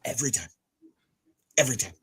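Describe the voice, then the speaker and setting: A man's voice: medium pitch, expressive, fast talker, slightly rough. Male podcast co-host, loose and profane, talks in fits and starts. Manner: rambling, profane, full of restarts and fillers. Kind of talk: casual chat.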